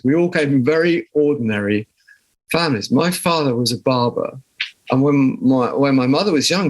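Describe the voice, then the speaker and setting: A man's voice: mid-range voice, breathy edge. Older man with a southern English accent. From southern England. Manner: reflective, storytelling with frequent restarts. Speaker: guest musician. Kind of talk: conversational interview.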